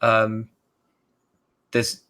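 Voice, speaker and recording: British man explaining with a low voice. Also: monotone, extremely slow, sharp tone, clear, resonant tone. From United Kingdom. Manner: chatty, explains with examples and laughs. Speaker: guest author. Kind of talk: casual video chat.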